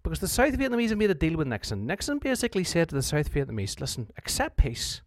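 A man's voice: on the high side, huge pitch swings, rapid-fire, no echo, clean studio sound. A man explaining history in an informal, conversational way, often restarting his sentences and acting out what leaders said. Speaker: history teacher.

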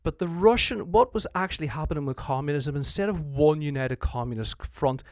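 A man's voice: fairly high pitch, brisk, darkish tone, no room sound, studio quality. A man explaining history in an informal, conversational way, often restarting his sentences and acting out what leaders said. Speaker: history teacher.

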